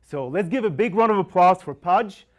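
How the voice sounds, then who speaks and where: A man hosts a comedy show, warming up the audience and introducing the acts. He talks in a halting, casual way, and his voice is a little higher than most men's. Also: animated, noisy background. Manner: halting, casual, with fillers and restarts. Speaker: show host and warm-up emcee. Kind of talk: stand-up warm-up and introductions. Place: comedy show stage before a live audience.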